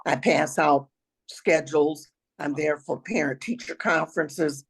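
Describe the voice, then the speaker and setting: Raspy older woman telling travel stories. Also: sits low, fairly even intonation, a little slow, poor audio. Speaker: guest, travel planner and retired teacher. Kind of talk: storytelling interview answers.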